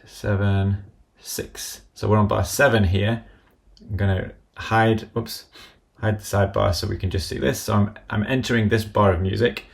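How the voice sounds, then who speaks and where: A man with a low, gravelly voice gives a live-streamed software tutorial. He works at his computer and talks methodically through each step as he goes. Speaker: app developer demonstrating software.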